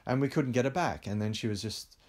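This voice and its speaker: A man's voice: medium pitch, brisk, a little mellow. A man speaking as a film director in an interview, telling candid stories with frequent fillers. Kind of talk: conversational interview.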